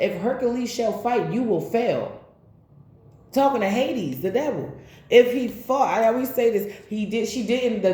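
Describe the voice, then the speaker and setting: Female tarot reader, casual and preachy, mellow tone, roomy echo. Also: medium pitch. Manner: rambling, animated, preachy asides. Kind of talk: casual spiritual tarot reading.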